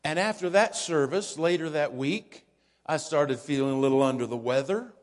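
An older man preaching as pastor, telling jokey stories in a folksy, unhurried way. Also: on the high side. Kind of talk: sermon with casual storytelling. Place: church sanctuary. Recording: church hall with long reverb.

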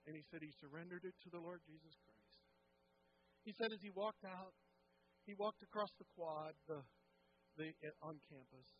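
A high-pitched man preaches in a church, his voice rising and falling as he tells the story. The recording is dull and lo-fi, with a faint hum underneath. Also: moderate pace. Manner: animated, acts out quotes with rising pitch and volume, drops to hushed tones. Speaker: pastor. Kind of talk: sermon storytelling. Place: church sanctuary.

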